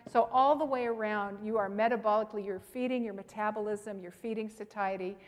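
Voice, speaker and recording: A woman presenting a health seminar, teaching with personal stories in an emphatic, animated way and speaking straight to the audience. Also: mid-range voice, brisk, in a large hall.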